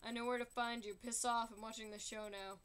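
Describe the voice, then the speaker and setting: An arrogant young rival, cold and dismissive, as a woman sings him along with a musical. The delivery is clipped and scornful. The voice stays high and bright. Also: flat delivery, fairly quick, clean tone, lightly acted. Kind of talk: singing along while drawing.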